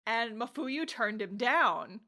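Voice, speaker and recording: A young woman hosts a casual podcast chat, reviewing anime with a co-host. Her voice sits a little high. She is animated and laughs easily, with some casual swearing. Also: slow.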